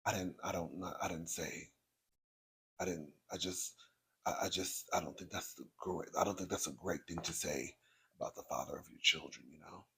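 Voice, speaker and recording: A man mimicking a soft-spoken husband who keeps stammering and playing the victim, in a hushed, halting voice. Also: low voice, vocal fry, slightly rough, pitched below the performer's own voice, full character voice. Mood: mock-innocent. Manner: hushed, halting, stumbling over words.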